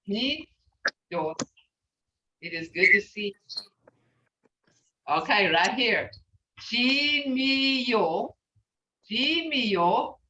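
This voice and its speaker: A woman teaching a language class, patient and unhurried, sounding out each word so students can repeat it. Her voice is bright and lively, rising and falling as she explains. She sounds distant from the mic, in a roomy space on a slightly muffled recording. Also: medium pitch, a little hiss or hum. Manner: patient, repeats words slowly for students to copy.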